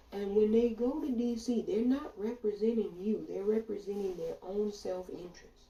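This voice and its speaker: A woman's voice: medium pitch, creaky, mellow, far from the mic. A woman delivering a blunt, profane political rant, speaking straight to her listeners with indignation. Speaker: political commentator. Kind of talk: ranting monologue. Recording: echoey room, voice off-mic.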